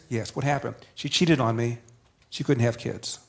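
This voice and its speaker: An older man tells a personal story like a talk show guest, building his points through emphatic repetition. His even, mid-pitched voice has vocal fry and a moderate pace.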